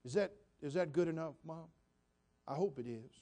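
A man's voice: fairly high pitch, normal speed, warm tone. A man preaching a sermon as pastor, emphatic and repetitive, putting direct questions to the congregation.

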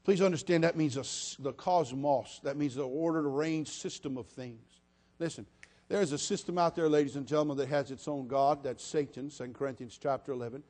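A man preaching a sermon, telling funny stories and swinging between quiet asides and loud, repeated appeals to the congregation. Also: on the high side, brisk. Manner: humorous storytelling, repeats "listen to me".

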